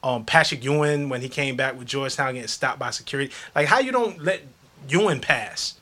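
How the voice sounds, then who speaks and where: A man in casual podcast chat, his voice bright and forward. He talks animatedly, laughs easily and stumbles into quick restarts as he goes. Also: medium pitch, lively intonation. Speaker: podcast guest, media journalist.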